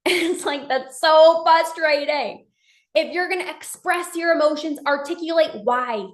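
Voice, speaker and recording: A woman's voice: sits high, a little slow. A woman giving a motivational talk as a life coach, emphatic, acting out short dialogues in her own voice. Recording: echoey room.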